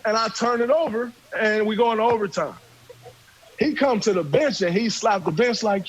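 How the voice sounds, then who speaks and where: American dude telling a story, high voice, cussing a lot and acting out the quotes. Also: male voice, moderate pace, slightly rough, poor audio. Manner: animated, profane, acts out quotes. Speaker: podcast guest storyteller. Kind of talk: casual storytelling chat.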